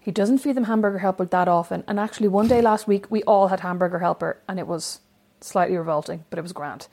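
A woman's voice: fairly low pitch, quick pace, a little mellow. A woman co-hosting a casual chat, rambling and storytelling. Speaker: podcast co-host. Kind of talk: casual chat between sisters.

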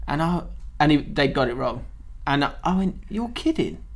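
A man hosting a casual football podcast, telling stories and acting out quotes with lively energy. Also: fairly high pitch, moderate pace. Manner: animated storyteller, acts out quotes. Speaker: podcast host.

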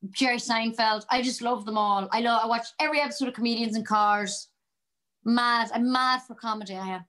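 A woman's voice: fairly high pitch, fairly even intonation, fairly quick, a bit bright, low-quality recording. An Irish woman, an actress being interviewed, talking about comedy in an exuberant, chatty way and telling a long joke. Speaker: guest actress. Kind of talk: casual interview chat.

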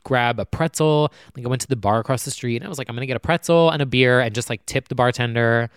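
A young man and YouTube creator venting to the camera about his feelings, rambling and halting, close to tears. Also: medium pitch, smooth, no echo. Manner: rambling, halting, full of "like" and restarts. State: close to tears, voice dropping low. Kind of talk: emotional personal vent to camera.

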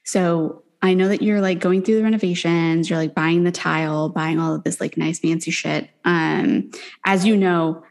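Young woman, casual and profane, low-pitched. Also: fairly even intonation, moderate pace. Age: young adult. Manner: profane, candid, playful. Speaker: podcast co-host. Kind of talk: casual chat.

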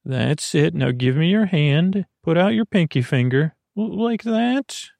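A man voicing a busy female royal physician and sorceress who talks briskly and impatiently, often fumbling for words, in a bedtime story. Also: on the high side, expressive, gravelly, darkish tone, dry recording, clean studio sound. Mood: instructing.

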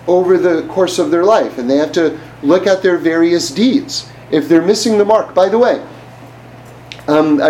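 High-voiced man teaching a Torah class. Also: darkish tone, a little hiss or hum, rough recording. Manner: conversational, asks the listener rhetorical questions. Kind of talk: informal religious class.

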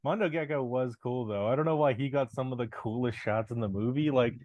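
A man's voice: mid-range voice, fairly quick, dry recording, highs cut off. A young man co-hosting a podcast in casual chat, with dry, blunt, critical asides. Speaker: podcast co-host.

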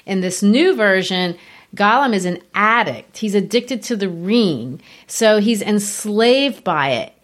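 Woman, middle pitch, teacherly, animated explaining, casual lecture. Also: slow pace.

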